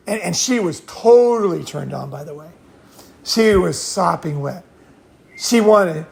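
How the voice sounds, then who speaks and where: The host, a man from California, has a high-sitting voice with vocal fry. He rambles through stories in a casual storytelling-and-advice chat, laughing often and swearing freely.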